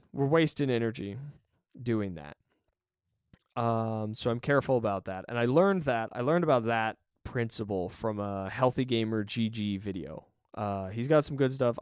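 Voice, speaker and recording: A man's voice: mid-range voice, darkish tone, clean tone, no room sound, studio quality. A man hosting a solo podcast in a chatty, encouraging way, often correcting himself and laughing briefly. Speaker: podcast host. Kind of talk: casual solo podcast talk.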